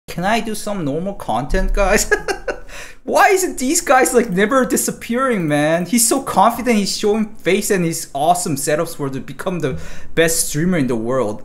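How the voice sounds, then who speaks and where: A man streaming live, commenting casually on gameplay clips, animated and profane, laughing often. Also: high-pitched, a little slow. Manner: animated, swearing, frequent laughter. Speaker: streamer investigating cheaters.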